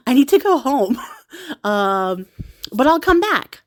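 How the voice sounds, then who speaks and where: A woman's voice: sits high, very animated, slow pace, pitched above the performer's own voice, heavily acted. Woman playing a sheepish young prince.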